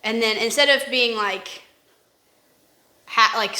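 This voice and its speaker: A woman's voice: on the high side, measured pace, long pauses, pushed and bright. A woman co-hosting a casual faith discussion, rambling and acting out examples in quoted voices. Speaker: podcast co-host. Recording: roomy echo.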